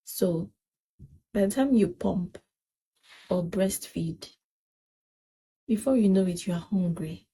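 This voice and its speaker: A woman's voice: medium pitch, slow pace, long pauses, dark tone, breathy edge, low-quality recording. A young woman, earnestly giving advice in a casual vlog chat and repeating points for emphasis. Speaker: parenting vlogger.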